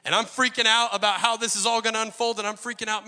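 Fired-up preacher guy in his 40s, really bright ringing voice, big echoey hall. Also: high voice, a little fast, hardly any pauses. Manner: impassioned, rising to near shouts. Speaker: pastor. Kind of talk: sermon. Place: church auditorium.

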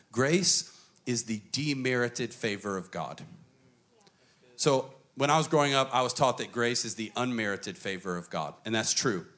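A man preaching a sermon to a church congregation, emphatic and dramatic, switching between quick runs and slow, stressed phrases. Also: on the low side, fairly bright tone. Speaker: pastor.

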